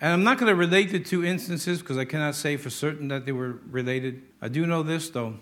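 An older man preaching a sermon as a pastor, emphatic and drawing out key words slowly for stress. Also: on the high side, fairly bright tone.

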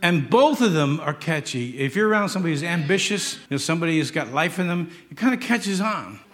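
Male preacher, somewhat high voice, emphatic, jokes, acts out the stories. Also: expressive, fast talker, a bit bright. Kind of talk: sermon.

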